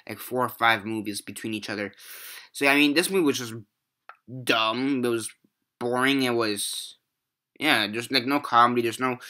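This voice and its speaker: A man's voice: medium pitch, sharp tone. A young man casually reviewing movies in a rambling, profane, exasperated rant.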